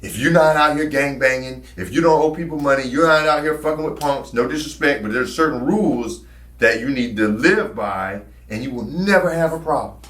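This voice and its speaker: A man putting on the voice of his older cellmate, calm and firm as he gives advice. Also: mid-range voice, a little fast, reverberant, distant mic, lightly acted.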